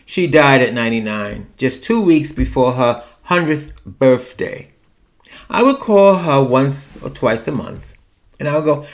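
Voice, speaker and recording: Guy hosting his own show, slow drawl, bouncy pitch, wry asides. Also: lively intonation. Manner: chatty, wry, digressive. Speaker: podcast host. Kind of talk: monologue about personal fears.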